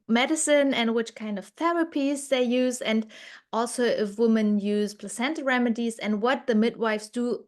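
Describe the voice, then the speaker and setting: A woman with a German accent, a guest researcher speaking earnestly and enthusiastically in a podcast interview, with frequent fillers. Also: on the high side.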